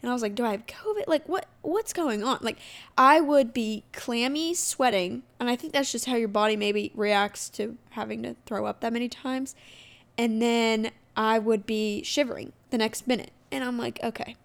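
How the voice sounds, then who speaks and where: A woman's voice: a little high, steady tone, moderate pace, vocal fry. A woman in her twenties hosting her own podcast, telling a personal story in a candid, chatty way and acting out quotes of what she and others said. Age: 20s. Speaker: podcast host. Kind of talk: casual solo podcast chat.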